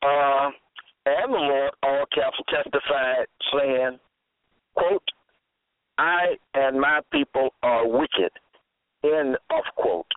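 A man lectures on scripture at an unhurried pace, hammering home phrases by saying them again and again. His voice comes through a thin, phone-like band with a dry, close sound. It sits at an everyday male pitch. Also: clear, resonant tone, no echo. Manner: slow, emphatic, repeats phrases. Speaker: radio Bible program host. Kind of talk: slow deliberate radio Bible lecture. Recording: tinny phone-like dry audio.

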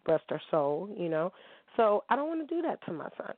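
A woman's voice: fairly low pitch, sing-song, brisk, no room sound. A woman hosting a casual monologue, talking in a blunt, profane and heated way. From Kalamazoo, Michigan. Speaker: show host. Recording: tinny phone-like sound, dry.

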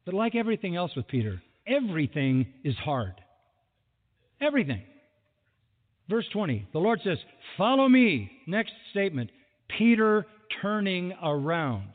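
A man preaching a sermon in an animated way, full of rhetorical questions and mock exasperation. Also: high-pitched, normal speed. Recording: phone-like audio in a large echoing hall.

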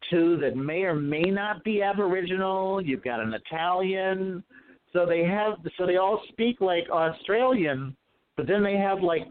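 A man with a slightly higher voice chats casually as a podcast co-host, dishing gossip with plenty of swearing. His voice comes through narrow and tinny, like a phone line. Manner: profane, gossipy storytelling.

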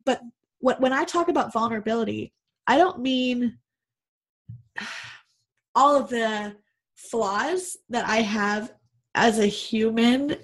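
A woman's voice: a little high, slow pace, long pauses. A woman guest from Canada, a mother and business owner, speaking candidly and earnestly in a casual podcast conversation.

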